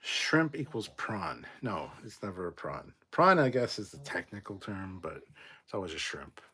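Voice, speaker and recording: A man hosting a casual livestream, reading viewer comments aloud and adding quick, swearing asides. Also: sits low, very animated, bright, forceful tone, breathy edge. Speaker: livestream host reading chat.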